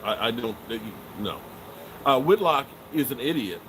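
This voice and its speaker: Joking sports host, noisy background. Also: male voice, medium pitch, normal speed. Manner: joking, animated, swears and trails off often. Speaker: sports show host answering live chat. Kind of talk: casual live-stream chat.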